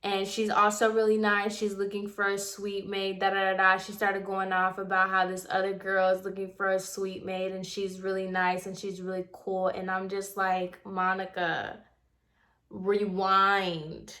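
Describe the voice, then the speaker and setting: A young woman vlogger recounting a story in casual conversation, animated and heated as she quotes the back-and-forth. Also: mid-range voice, moderate pace, few pauses.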